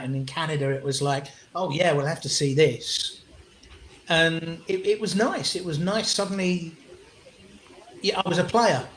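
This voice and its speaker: A middle-aged English man spins anecdotes as an interview guest. He talks in an animated way, restarts his sentences often and swears casually. His voice sits a little high and sounds off the walls of a roomy space. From England. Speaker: guest comedian. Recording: roomy echo.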